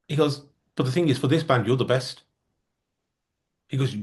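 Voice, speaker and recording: A man's voice: medium pitch, moderate pace. A man, a musician guest telling stories in a casual interview and acting out the dialogue he quotes. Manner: lively storyteller who acts out quoted dialogue.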